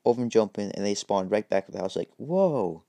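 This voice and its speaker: A man's voice: lowish voice, fairly even intonation, fast, vocal fry, dark tone, dry recording. A man improvising a game story as narration, rambling and hesitant with many fillers.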